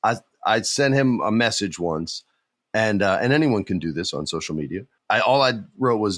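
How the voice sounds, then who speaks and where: A middle-aged man hosting a podcast, chatting excitedly about wrestling and telling animated stories. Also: fairly low pitch, moderate pace, no room sound. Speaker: podcast host. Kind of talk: casual wrestling chat.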